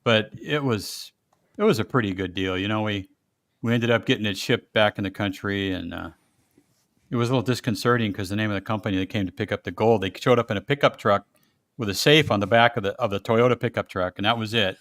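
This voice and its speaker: A man's voice: lowish voice, quick pace, no echo. Chatty man telling stories, dry sound. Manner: animated storyteller, laughs often, puts on voices in quotes. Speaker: podcast host. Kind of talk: casual storytelling chat.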